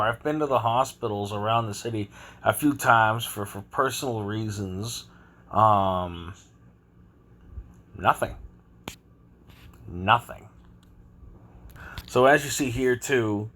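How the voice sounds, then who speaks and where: Ranting man in a scornful monologue. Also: mid-range voice. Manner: conspiratorial, scornful, chuckles often. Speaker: vlogger.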